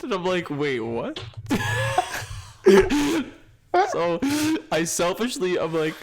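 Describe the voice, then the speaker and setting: A young man co-hosting a podcast, telling a crude story in an animated way, laughing often and swearing freely. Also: high voice, very slow, a loud crowd. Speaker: podcast co-host. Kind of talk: casual chat.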